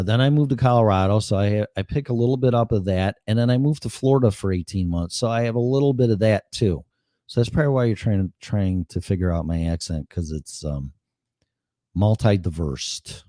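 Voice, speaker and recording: Show host, 60s man, Chicago accent, low-ish voice, blunt and profane, dry sound. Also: dark tone, no echo. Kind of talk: casual live-stream monologue.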